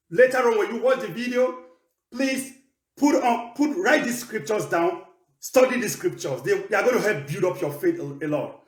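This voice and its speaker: Emphatic preacher man, echoey room. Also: sits high. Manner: emphatic, repeats phrases for stress. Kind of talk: sermon.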